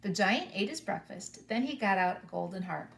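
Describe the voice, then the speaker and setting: A woman preschool teacher reading a storybook to children, animated and inviting them to join in. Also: medium pitch, normal speed, gravelly, reverberant. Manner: animated, asks the children along.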